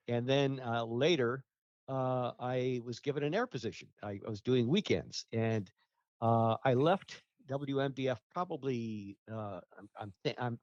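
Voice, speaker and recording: A man's voice: mid-range voice, no room sound, highs cut off. A man being interviewed about his radio career, rambling and full of fillers and restarts. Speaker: guest, radio ratings researcher. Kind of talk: casual interview talk.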